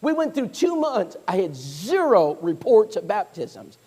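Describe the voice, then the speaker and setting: A man's voice: sits high, unhurried, husky. A man preaching a sermon, telling stories and acting out the voices of people he quotes. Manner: animated storyteller, acts out quoted voices. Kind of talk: storytelling sermon. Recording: long hall reverb.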